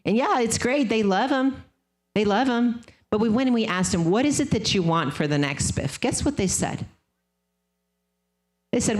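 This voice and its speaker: A woman's voice: a little high, lively intonation, moderate pace. A woman speaking at a sales leadership seminar, emphatic and casual, often repeating phrases for effect. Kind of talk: motivational seminar talk.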